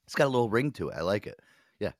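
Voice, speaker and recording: A man's voice: on the low side, very animated, racing, heavy background noise. A middle-aged man co-hosting a casual podcast, telling a workplace story full of profanity and acted-out quotes. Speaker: co-host.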